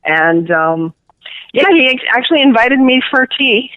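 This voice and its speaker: Cuban new yorker lady rambling on a tinny phone call, kinda high voice, dry. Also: animated, measured pace, no room sound. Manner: chatty, rambling with many fillers. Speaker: guest author. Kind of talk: casual interview chat.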